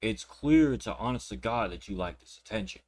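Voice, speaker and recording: Young man, reaction host, indignant rant, profane, low-pitched voice, repeats himself. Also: lively intonation, normal speed, a little mellow. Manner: repeats words and restarts sentences. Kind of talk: reaction commentary.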